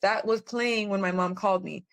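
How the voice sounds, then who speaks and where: A woman's voice: medium pitch, fairly even intonation, moderate pace. A woman, a guest on a podcast, telling her own story in a rambling, earnest way with many fillers. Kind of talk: personal testimony in conversation.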